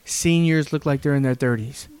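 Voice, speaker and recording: Guest at the mic, mid-pitch voice, deadpan quips and cussing. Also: moderate pace, clear, resonant tone, no room sound. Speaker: podcast guest. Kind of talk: casual chat.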